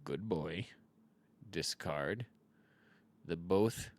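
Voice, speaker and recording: A man's voice: low voice, extremely slow, a little mellow. A man in his thirties giving casual, rambling commentary over a card game, full of jokes and self-mocking asides.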